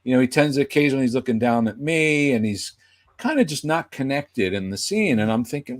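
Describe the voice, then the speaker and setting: A man's voice: mid-range voice, fairly quick. A man, a guest puppeteer, telling a casual anecdote and acting out the people he quotes. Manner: animated, acts out quoted voices.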